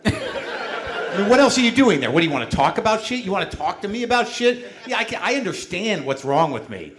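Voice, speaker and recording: A man's voice: fairly high pitch, sing-song, brisk, fairly bright tone, slight background noise. A man hosting a podcast on stage, rambling through profane, self-deprecating comic stories. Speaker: podcast host. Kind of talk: casual comedic chat. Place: live stage show. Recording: live audience audible. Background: audience.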